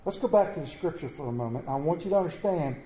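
A middle-aged man preaching a sermon to his church, telling stories in a folksy way with sudden loud bursts. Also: a little high, lively intonation, fast talker, slight background noise. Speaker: pastor. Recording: echoey church room.

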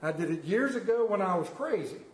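A middle-aged man preaching in a church, his voice high and ringing in a roomy sanctuary. He tells folksy, self-deprecating stories with animated swings in his delivery. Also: brisk. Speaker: pastor. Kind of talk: sermon with storytelling.

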